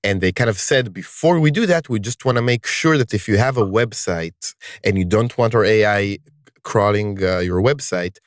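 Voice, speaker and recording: A man hosting a podcast in casual conversation, speaking emphatically and lifting his pitch on key words. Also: moderate pace, no echo, studio quality. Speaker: podcast host.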